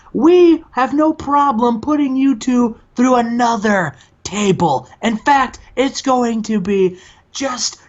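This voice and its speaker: Brash male wrestler taunting rivals, a man putting it on, high strained shouting, pushed way up in pitch, dull lo-fi sound. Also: husky, full character voice.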